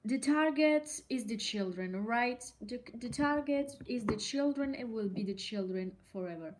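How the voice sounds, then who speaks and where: Slow-talking, indignant woman podcast host. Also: fairly high pitch, lively intonation. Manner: indignant, emphatic, swears freely, repeats herself. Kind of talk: solo podcast rant.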